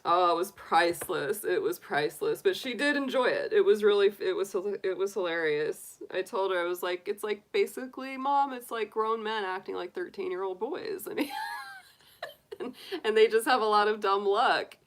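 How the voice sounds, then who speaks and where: A woman's voice: medium pitch, normal speed. A middle-aged woman hosting a tarot live stream, chatting casually, giggling often and greeting viewers by name.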